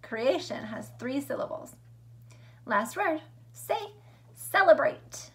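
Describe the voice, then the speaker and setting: High-voiced upbeat woman teacher. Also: lively intonation, fairly bright tone. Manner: upbeat, sing-song, slow and clear for kids. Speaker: elementary school teacher. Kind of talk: remote lesson for young children.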